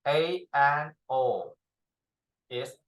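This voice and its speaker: A tutor runs a pronunciation drill lesson, speaking halting English with many pauses and modeling each sound for learners to repeat. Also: mid-range voice. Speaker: Chinese tutor. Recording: echoey room.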